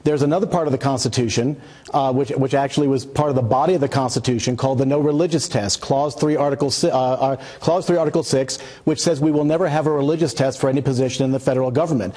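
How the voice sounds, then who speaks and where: Combative male news guest, rapid delivery, dark mellow tone. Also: medium pitch. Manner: combative, rapid, talks over the host. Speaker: guest advocate. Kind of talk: heated cable news debate.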